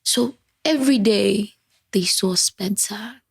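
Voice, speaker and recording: Gravelly, husky woman. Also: mid-range voice, takes it slowly, dry recording. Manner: soft-spoken, often close to a whisper, switching between English and Setswana. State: grieving. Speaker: interview guest. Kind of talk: emotional personal storytelling.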